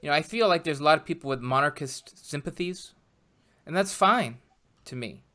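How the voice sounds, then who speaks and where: A man's voice: fairly high pitch, fast, sharp tone. A man co-hosting a podcast in casual chat, talking hesitantly and musingly with many ums. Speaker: podcast co-host.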